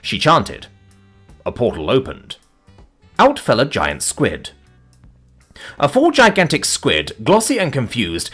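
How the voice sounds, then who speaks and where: Male storyteller, wry deadpan narration, very lively pitch, faint music behind. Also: measured pace, husky. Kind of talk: scripted comic fantasy narration.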